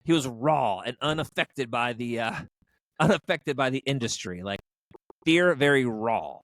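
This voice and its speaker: In a loose movie review chat, this male co-host wanders through jokes and filler words. He sounds mid-range, animated, and fairly bright, speaks unhurriedly, and the recording has no echo.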